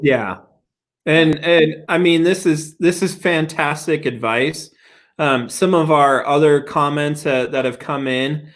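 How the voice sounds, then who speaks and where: A man hosting a casual interview, halting with many "uh" and "um" pauses. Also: medium pitch. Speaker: host.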